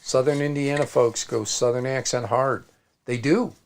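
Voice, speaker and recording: A man's voice: medium pitch, steady tone, moderate pace. A man with a Midwestern accent co-hosting a casual crafting livestream, chatting and reading out viewer comments. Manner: chatty, storytelling, reads out comments.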